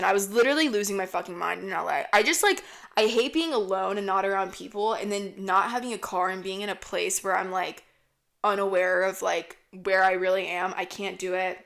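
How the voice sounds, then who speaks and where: A young woman hosting a podcast, spinning a casual storytime with no filter. She rambles from one thing to the next, swears freely and fills every gap with "like". Her voice sits at a middle pitch. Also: gravelly, fairly bright tone. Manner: rambling, heavy swearing, lots of "like". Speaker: podcast host.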